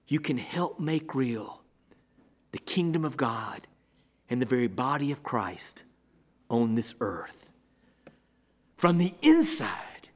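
This male pastor's sermon alternates between resounding statements and soft near-whispers, all in a voice that's a little high. His delivery follows a measured, repeating cadence.

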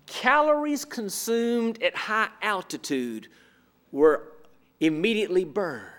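A man preaching a sermon, asking rhetorical questions and swinging between emphatic and hushed delivery. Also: high voice.

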